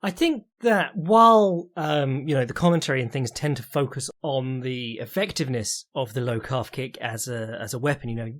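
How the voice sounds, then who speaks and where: A young man hosting a podcast alone, giving casual fight commentary in a sardonic, profane manner with quick asides. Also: mid-range voice, a bit bright. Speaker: podcast host and fight analyst.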